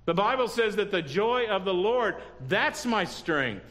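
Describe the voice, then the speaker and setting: A man's voice: high-pitched, expressive, measured pace, a bit bright. A man preaching a sermon who often checks in with the congregation and adds humorous asides. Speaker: pastor.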